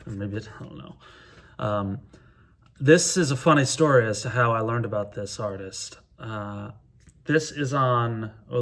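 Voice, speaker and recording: A middle-aged man talking casually to camera as a music vlogger, counting down his favorite records in an easygoing, enthusiastic way with frequent hesitant pauses. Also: mid-range voice, a bit bright.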